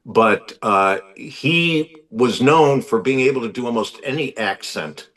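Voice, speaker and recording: A man spins his anecdote slowly and deliberately, with a voice of middling pitch. He pauses often with little fillers. He sits a bit away from the mic. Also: animated, a bit bright, far from the mic. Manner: measured, pausing with fillers. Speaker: guest telling a celebrity story. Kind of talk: slow storytelling.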